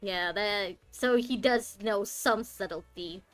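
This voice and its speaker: A woman's voice: mid-range voice, slow, a bit bright. A young woman streaming a game, chatting in a joking, rambling way that often breaks off mid-sentence. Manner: chatty, joking, self-interrupting. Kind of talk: casual gaming commentary. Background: faint game music.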